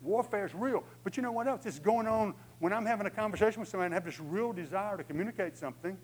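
A man's voice: high voice, racing, poor audio. A man preaching a sermon in a conversational way, acting out inner voices with humor. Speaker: pastor.

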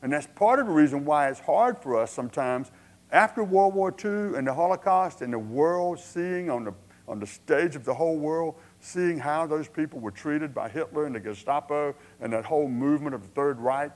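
A man preaching a sermon, telling a Bible story in a conversational way with asides and self-corrections, acting out prayers with rising passion and then dropping quiet. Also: fairly high pitch, animated, moderate pace. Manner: storytelling, acts out prayers, rises to impassioned pleading then drops quiet.

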